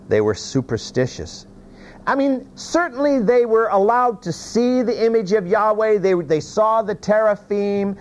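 Lively, animated male Bible teacher. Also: high-pitched, slight background noise. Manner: animated storytelling with many restarts and folksy asides. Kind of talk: sermon.

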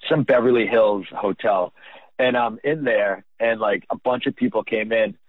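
Husky male comic, offhand anecdote, dry mic. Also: fairly low pitch, moderate pace, no room sound, phone-quality sound. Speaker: comedian telling a story. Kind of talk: casual comedic storytelling.

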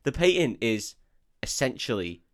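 Sweary man, smooth clear voice. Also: mid-range voice, sing-song, measured pace. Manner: sweary, mocking, breaks into silly voices and hummed tunes. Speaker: podcast co-host. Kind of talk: casual film review chat.

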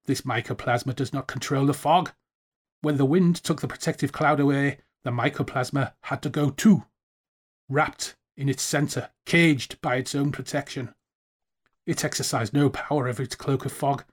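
A man's voice: medium pitch, fairly even intonation, moderate pace, husky, natural voice. A man voicing a stern, dismissive male professor who lectures scornfully. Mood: scornful lecturing. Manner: scornful, talking down.

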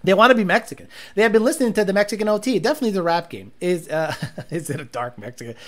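Racing along at a medium pitch, a livestream host keeps things casual, reading out comments from viewers and telling stories. There's lots of laughter and swearing in the animated storytelling.

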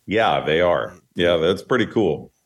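Low-voiced guy, filmmaker guest on a podcast, easygoing. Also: expressive, a little slow. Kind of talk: interview answers.

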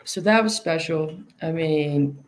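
A man's voice: a little high, unhurried, slight background noise. A man chatting casually, rambling through stories with many fillers and frequent laughs. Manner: rambling storyteller, laughs often. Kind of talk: casual chat.

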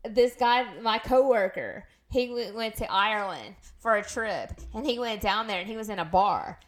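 A woman's voice: medium pitch, moderate pace. Chatty woman. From Louisiana. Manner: chatty, agreeable, laughs often. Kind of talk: casual chat.

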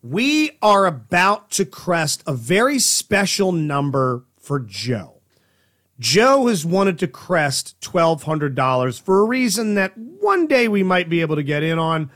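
A man co-hosting a podcast, bantering casually and breaking into loud laughter. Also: on the high side, very animated. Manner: loud bursts of laughter, quick plugs. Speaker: podcast co-host.

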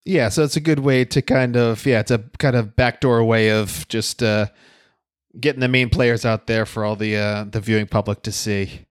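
A man's voice: medium pitch, fairly even intonation, moderate pace, smooth, no room sound, studio quality. Laughing, rambling man in casual chat. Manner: chatty, laughs often, many fillers and restarts. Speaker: podcast co-host.

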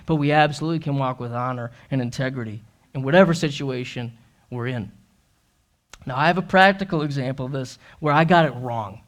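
High-voiced earnest male pastor. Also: a bit bright. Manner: earnest, self-deprecating storytelling. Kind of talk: sermon. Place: church sanctuary.

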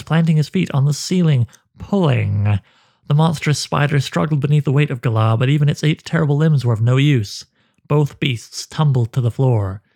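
A man narrating a dark fantasy story with a measured, dramatic delivery. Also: mid-range voice.

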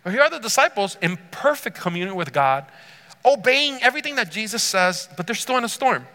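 A man preaching with a high, bright and forceful voice. He tells the story with animated energy and keeps asking the congregation questions, and his words ring out with a long hall reverb. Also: fairly quick. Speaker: pastor. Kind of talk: sermon.

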